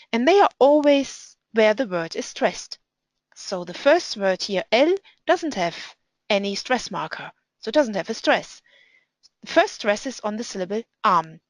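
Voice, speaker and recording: A woman's voice: on the high side, no room sound, rough recording. Woman teaching Hebrew pronunciation, dry sound. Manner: patient, deliberate, reads Hebrew aloud slowly. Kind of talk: instructional explanation with reading examples.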